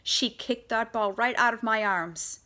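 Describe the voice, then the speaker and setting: A woman voicing a bulky, sneering bully boy who taunts slowly. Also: fairly high pitch, bright, forceful tone. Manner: gruff, taunting, slow.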